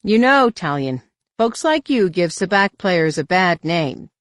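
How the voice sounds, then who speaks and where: Han solo type, cocky gloating smuggler, raised and brassy, as the reader puts him on. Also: male voice, high voice, big pitch swings, normal speed, no room sound, studio quality, pitched above the performer's own voice. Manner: brash, gloating.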